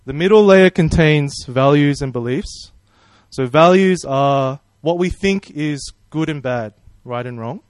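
A man's voice: a little high, measured pace, few pauses, no room sound. A man preaching a sermon in a friendly, conversational way, praying and asking the congregation questions. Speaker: pastor.

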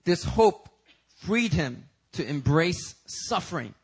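A man's voice: on the high side, expressive, slow, husky. A man preaching a sermon as pastor at a church service, pressing his point with emphatic, rising rhetorical questions.

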